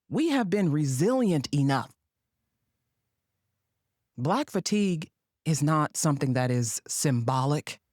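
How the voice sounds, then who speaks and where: A woman's voice: low voice, darkish tone, no echo, clean studio sound. A woman hosting a commentary monologue, sassy and sarcastic in her delivery. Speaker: podcast host.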